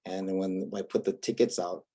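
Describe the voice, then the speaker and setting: A man's voice: sits low, fairly even intonation, normal speed, mellow. A man from Hawaii with a Hawaiian accent, chatting as a guest comedian in a laid-back, wry, self-mocking way. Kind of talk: casual interview chat.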